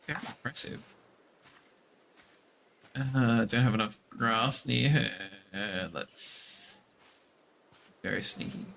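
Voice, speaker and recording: A man's voice: slow, vocal fry, long pauses, fairly bright tone. A man giving casual, playful commentary while playing a video game, cooing at the creatures he meets. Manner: playful, squeaks high at creatures. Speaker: gaming streamer.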